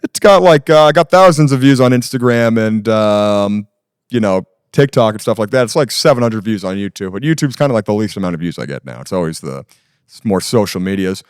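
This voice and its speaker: A man's voice: fairly low pitch, lively intonation, clear, resonant tone, no room sound, studio quality. A man, a filmmaker guest talking casually and offhand on a podcast. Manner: quick, offhand talker. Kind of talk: casual chat.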